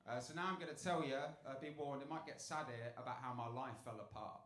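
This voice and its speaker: A man doing a stand-up set on a club stage into a handheld mic, telling dark jokes deadpan, dropping low for setups and getting loud on punchlines. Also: fairly quick. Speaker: stand-up comedian. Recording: echoey club with room noise.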